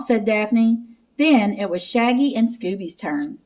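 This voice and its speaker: A woman teacher from Texas, reading a picture book aloud with expressive narration and sound effects. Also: mid-range voice, slow.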